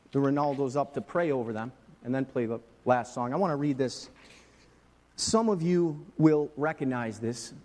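Impassioned preacher in a reverberant hall. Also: male voice, on the high side. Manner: swings from hushed to soaring and emphatic. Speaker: pastor. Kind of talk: sermon.

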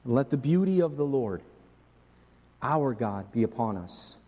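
A man preaching a sermon as pastor, swinging from hushed, slow words to soaring, emphatic ones. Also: mid-range voice, animated, big-room sound, muffled recording.

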